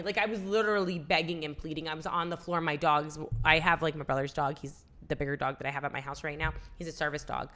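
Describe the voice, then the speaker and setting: Speaking fast with few pauses, a young podcast co-host shares an emotional personal story in a casual chat. Her voice sits low with a steady tone and a bit of brightness, and she acts out the quoted dialogue, using many "like"s.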